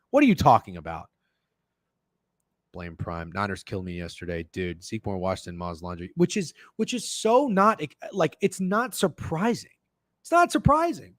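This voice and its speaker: A man with a fairly low voice hosts a sports betting podcast, ranting in casual, profane chat and responding to viewer messages. There's no room sound.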